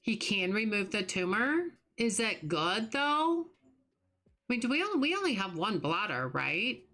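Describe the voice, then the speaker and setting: With a medium-pitched, very animated voice and a measured pace, a middle-aged woman livestreams while playing, talking casually and sympathetically to her chat. She comes across warm and chatty, with frequent restarts.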